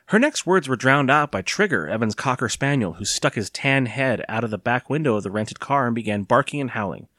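A man reading a children's horror novel aloud, with casual asides and fillers before steady narration. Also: medium pitch, fairly quick, hardly any pauses, no room sound, studio quality. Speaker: reader.

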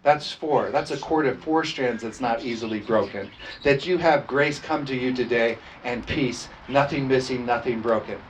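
A man's voice: mid-range voice, a little hiss or hum, low-quality recording. A man preaching a sermon as pastor, emphatic and repetitive, calling for responses from the congregation.

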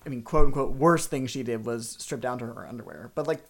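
A woman's voice: very deep voice, expressive, fairly quick, creaky. A woman co-hosting a podcast in casual chat, joking loosely and laughing often. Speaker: podcast co-host.

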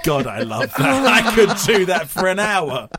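A man's voice: high-pitched, big pitch swings, measured pace, music in the background. A middle-aged man hosting a podcast, joking through comedic banter and slipping into silly voices. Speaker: podcast host.

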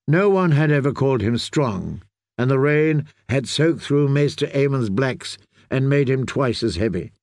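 This audiobook reader is a man with a medium pitch, narrating a fantasy story in a steady, measured way. The sound is dry and studio clean.

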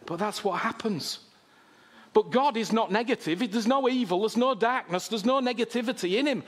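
A man's voice: high-pitched, normal speed. A man preaching a sermon, impassioned and repetitive, often asking "you understand me?".

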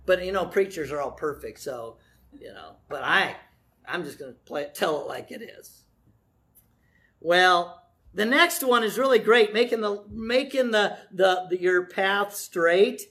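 A middle-aged man preaching a sermon in a folksy way, with joking asides, slowing down to stress key words. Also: sits high, lively intonation, fairly bright tone. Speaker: pastor.

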